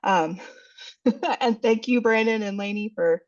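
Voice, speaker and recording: A woman's voice: medium pitch, takes it slowly, recorded from a distance, muffled recording. A woman presenting and wrapping up a webinar, chatty and filler-heavy, with upbeat rising endings, heard over an online call. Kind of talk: casual webinar wrap-up.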